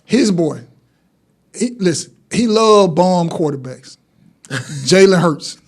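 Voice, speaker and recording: A man with a somewhat high-pitched voice hosts a casual sports talk show. He reads through his list with playful, announcer-style calls and good-humored swagger. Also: lively intonation, slow.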